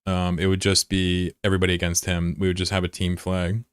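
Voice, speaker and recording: Game dev streamer, male, low resonant voice; flips from yelling to grumbling. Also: a little fast, clear, resonant tone, no room sound, studio quality. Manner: excitable, swings from loud shouting to muttered frustration. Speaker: game developer streaming his own game. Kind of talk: casual livestream chat.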